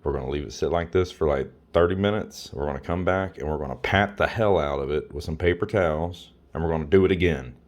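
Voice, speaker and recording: Low-voiced guy doing a casual cooking vid on his phone in his kitchen, blunt, crude, keeps repeating himself. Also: darkish tone. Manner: blunt, crude and repetitive, hammering on instructions. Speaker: home cook showing a recipe. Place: home kitchen. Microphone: phone camera.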